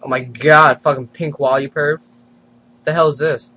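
A man's voice: on the high side, steady tone, moderate pace, sharp tone, husky. A man hosting a casual prank video chat, giggling and teasing strangers on camera. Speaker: channel host.

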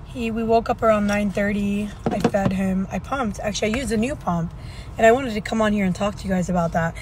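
A woman's voice: medium pitch, fairly quick, noisy background. A young woman and mother talking casually to camera in a vlog, chatty and worn out as she vents about her day. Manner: chatty, tired, venting. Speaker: vlogger and mother. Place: at the gym, faint ambient noise.

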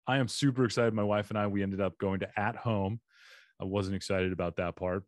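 A young adult man from Arizona hosting a podcast, joking and rambling playfully through a solo intro, now and then jumping into silly high voices, in a home studio. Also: dry recording. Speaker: podcast host. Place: home studio with bare walls.

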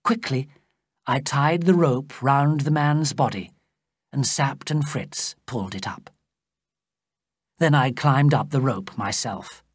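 A narrator reading a graded story aloud slowly and plainly for English learners. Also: no echo, clean studio sound. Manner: slow, clear storytelling with lively pitch. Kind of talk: slow scripted audiobook narration for English learners.

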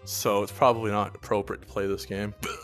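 A young man giving gaming commentary, loud and profane, with sudden yelps and laughs. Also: lowish voice, flat delivery, a little fast. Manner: loud, swearing, erratic bursts and laughs. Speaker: gaming YouTuber. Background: game music.

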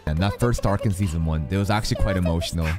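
A man giving casual, excitable reaction commentary as an anime streamer, swinging from loud outbursts to low mutters. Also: very fast. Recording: anime music audible underneath. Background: anime soundtrack playing.

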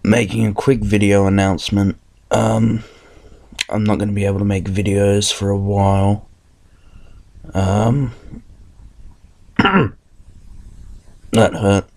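A man's voice: fairly low pitch, gravelly, a little mellow. A sick young man, nearly losing his voice, giving a hesitant, rambling channel update from bed. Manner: rambling, hesitant with many ums. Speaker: gaming channel host. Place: bedroom, in bed.

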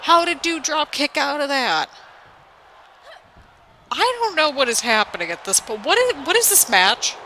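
A woman's voice: high voice, big pitch swings, a little slow, pauses often, bright, forceful tone, a little hiss or hum. A young woman hosting a gaming channel, chatting casually and rambling as she comments on a wrestling game. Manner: chatty, rambling, laughs often. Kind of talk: casual let's-play commentary.

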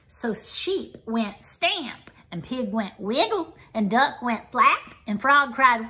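A woman reading a children's picture book aloud as storyteller, in an expressive sing-song way. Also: fairly high pitch, slow pace, few pauses.

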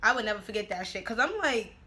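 A woman's voice: medium pitch, sing-song, quick pace, pushed and bright. A woman vlogging casually at home while doing her makeup, brash and profane, often breaking into laughs. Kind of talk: casual get-ready-with-me chat. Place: at home, making dinner while filming.

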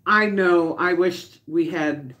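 A woman's voice: on the low side, slow, a bit bright. A middle-aged woman, chatting casually on a home livestream while baking and reading viewer comments aloud. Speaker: livestream host.

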